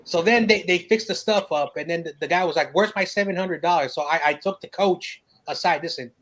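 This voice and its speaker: High-voiced man telling stories. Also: brisk, rough recording. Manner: animated, laughing, profane. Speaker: podcast host. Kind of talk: casual chat, storytelling.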